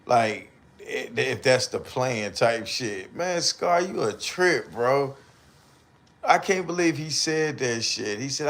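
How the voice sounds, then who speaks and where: A man with commentating a live stream, ranting and joking loudly with slang and mocking put-on voices. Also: mid-range voice, lively intonation, slow pace, vocal fry. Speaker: streamer reacting to videos.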